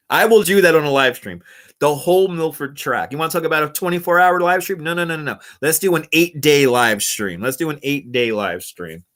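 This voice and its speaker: Bright-voiced New man chatting live. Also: fairly high pitch, normal speed. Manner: chatty and playful, laughs often. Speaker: livestreamer. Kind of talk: casual live chat reading comments. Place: indoors at home. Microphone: wireless clip-on mic.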